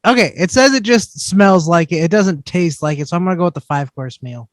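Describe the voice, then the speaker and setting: High-voiced wisecracking man. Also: brisk, no room sound, clean studio sound. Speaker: podcast co-host. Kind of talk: joking casual banter.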